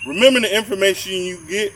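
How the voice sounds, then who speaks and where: A man's voice: high voice, fast, distant mic, noisy background. A man co-hosting a podcast, rambling in casual chat and often repeating his words as he makes a point. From southern Georgia, US. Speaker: podcast co-host.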